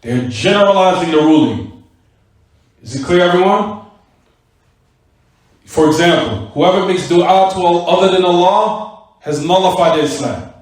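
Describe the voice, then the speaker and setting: A man's voice: high voice, measured pace, long pauses. Echoey distant male teacher quizzing his class. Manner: rhetorical questions to students, "what?" prompts; repeats and stresses key words. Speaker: religious teacher. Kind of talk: recorded Islamic class lecture. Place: mosque classroom. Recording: very echoey room, voice from far off.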